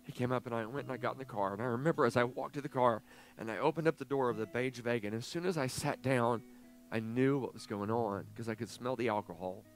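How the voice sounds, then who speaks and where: A male pastor in his forties delivers a sermon through a personal story, his voice sitting at a medium pitch. He moves from soft, hushed moments to loud, animated stretches. A faint guitar plays underneath. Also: quick pace. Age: 40s. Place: church sanctuary.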